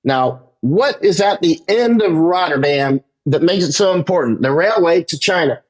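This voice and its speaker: Animated and moderately paced, a male war correspondent speaks emphatically in an interview, climbing higher in pitch as his intensity builds and often adding "right?"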